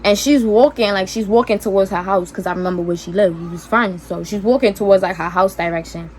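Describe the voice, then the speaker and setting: A woman's voice: medium pitch, fairly quick, a little hiss or hum. Blunt 18-year-old Brooklyn woman. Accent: Brooklyn New York. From Brooklyn, New York. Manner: blunt, animated, streetwise slang. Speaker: vlogger. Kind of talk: casual storytime monologue.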